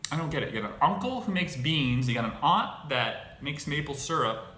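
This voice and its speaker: A man hosting his own show, talking in a casual monologue, halting and restarting his phrases with exasperation. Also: fairly high pitch, animated, sharp tone. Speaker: podcast host. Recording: echoey room with faint noise.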